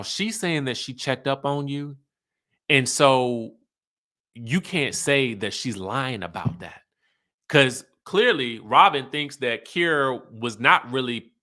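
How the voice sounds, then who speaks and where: Man, host, casual recap chat, lively swinging pitch, bright tone. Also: takes it slowly. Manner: animated, chatty, emphatic asides. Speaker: YouTube host recapping reality TV.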